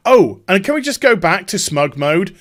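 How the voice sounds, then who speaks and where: A man hosting a video commentary, mocking and sarcastic, with casual swearing. His voice swings widely in pitch and is a touch higher than most men's. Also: big pitch swings, normal speed, fairly bright tone. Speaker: YouTube commentator.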